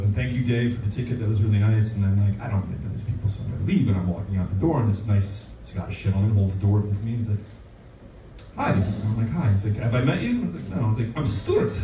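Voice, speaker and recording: A man, a musician guest, telling a story in a casual, animated way and acting out the dialogue. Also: on the low side, fast talker, hardly any pauses. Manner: animated, acts out quoted dialogue. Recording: echoey room, distant mic, noisy.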